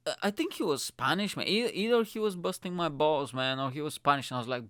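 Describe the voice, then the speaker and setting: A man's voice: on the high side, quick pace, no room sound, studio quality. A young man from Bulgaria hosting his own show, telling a long rambling travel story, swearing freely and calling everyone mate. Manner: profane, rambling, animated retelling with lots of 'mate'. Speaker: show host. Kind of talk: comedic storytelling monologue.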